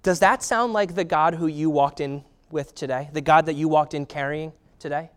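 A man's voice: a little high, normal speed, clear, resonant tone. A man preaching a sermon in a conversational way, with filler words and rhetorical questions. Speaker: pastor.

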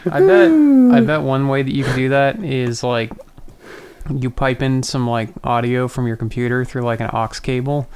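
Male co-host, mid-pitched, blunt and irreverent. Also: expressive, normal speed, darkish tone. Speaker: podcast co-host. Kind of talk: casual comedic chat.

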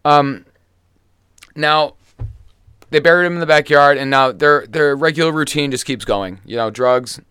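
A man's voice: fairly high pitch, unhurried, pauses often, sharp tone, smooth, no room sound. Man retelling a crime story casually. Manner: loose and profane, with frequent ums. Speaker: podcast co-host.

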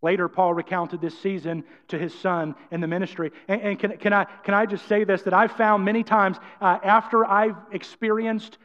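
High-voiced man preaching in a reverberant hall. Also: normal speed, few pauses. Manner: energetic, emphatic preaching with acted-out quotes. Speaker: pastor. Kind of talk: sermon. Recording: dull sound, long church-hall reverb.

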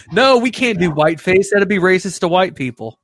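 A man's voice: high-pitched, fairly bright tone, no echo, studio quality. Joking man hosting a live stream. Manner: teasing, mock-offended, laughs often. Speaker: live show host. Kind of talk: casual joking chat.

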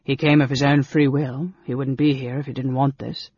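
A man reading a story aloud, voicing a calm, scheming male elf senator in a low, quiet, sarcastic tone. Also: moderate pace, slightly rough, dry recording. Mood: sly. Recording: dull, dry lo-fi recording.

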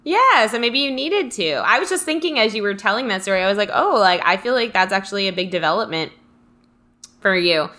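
Bright, chatty young woman. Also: medium pitch, expressive, fairly quick. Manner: reflective, chatty, many "like" fillers. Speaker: podcast co-host. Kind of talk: casual chat.

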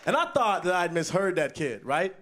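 High-voiced young stand-up comedian. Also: male voice, moderate pace, background noise. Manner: animated storytelling, bursts into loud yelled impressions. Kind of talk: stand-up set. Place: comedy festival stage.

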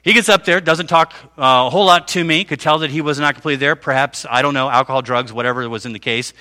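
A man's voice: medium pitch, quick pace, pushed and bright. A middle-aged man preaching a conversational sermon, often checking in with his listeners. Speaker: pastor.

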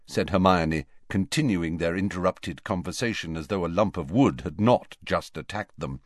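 A man narrating an audiobook with expressive storytelling. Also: sits low, normal speed, few pauses, no echo, clean studio sound.

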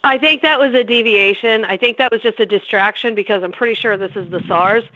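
A woman's voice: mid-range voice, brisk, fairly bright tone, slight background noise. A woman from Maine, co-host on a casual podcast, frank and irreverent with easy laughs. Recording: dull lo-fi audio, dry.

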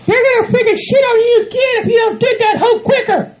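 A man voicing a bossy rancher's wife in a comedy audio skit, shouting orders and scolding. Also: very high-pitched, fairly even intonation, fast, pitched above the performer's own voice. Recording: dull lo-fi home recording, off-mic.

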